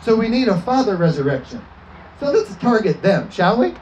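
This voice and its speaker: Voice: mid-range voice, big pitch swings, normal speed, darkish tone, dull audio, slight background noise. A preacher giving a fervent sermon, often asking the congregation for an amen and slipping into acted quotes.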